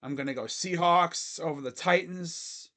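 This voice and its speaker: High-voiced man hosting a fan stream. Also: moderate pace, bright, forceful tone. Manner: rambling, loose, talks to chat. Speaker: sports fan livestream host. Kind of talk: casual livestream chat.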